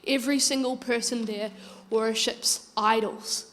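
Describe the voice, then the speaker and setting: A preacher putting on a scornful village woman scolding a foreigner, her voice fairly high and pointed. A long reverb hangs around every phrase. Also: fairly even intonation, a little slow, a bit bright. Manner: scornful, lecturing. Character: scoffing village woman at a market altar.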